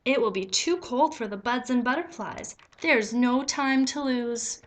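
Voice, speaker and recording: Lady reading as a worried little forest guy, breathless and urgent, slightly high. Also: unhurried, close to an everyday voice. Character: eager, worried little male woodland creature.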